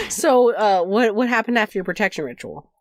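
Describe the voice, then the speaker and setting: A podcast co-host chatting casually, tossing in quick quips and interjections. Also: medium pitch, dry recording, clean studio sound. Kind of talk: casual chat.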